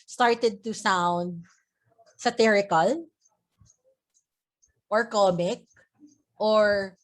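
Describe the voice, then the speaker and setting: Woman, teacher, mid pitch, literature lesson, frequent "okay?", repeats words while explaining. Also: extremely slow. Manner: checks understanding with frequent "okay?".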